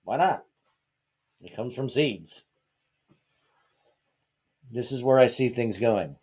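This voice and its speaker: A man's voice: mid-range voice, takes it slowly, a little mellow, slightly rough. A man from Georgia hosting a podcast, ranting in a heated, exasperated way and firing off rhetorical questions in casual talk. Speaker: podcast host.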